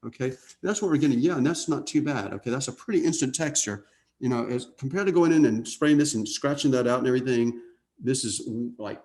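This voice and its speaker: A man teaching an airbrush painting lesson in a relaxed way, thinking out loud and often checking in with "okay?". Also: medium pitch. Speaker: art instructor. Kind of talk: casual painting demonstration.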